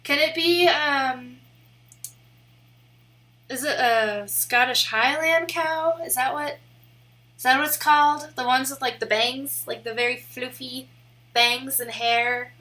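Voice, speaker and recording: Young woman, live streamer, rambling casual chat, giggly, bright tone, somewhat high pitch. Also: steady tone, slow pace, pauses often. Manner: rambling and giggly, heavy use of "like".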